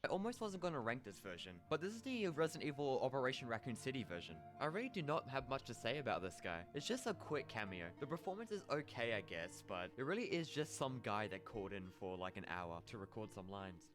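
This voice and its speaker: A man's voice: mid-range voice, very animated, a bit bright. A man narrating a scripted, opinionated ranking of actors over music. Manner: brisk, opinionated.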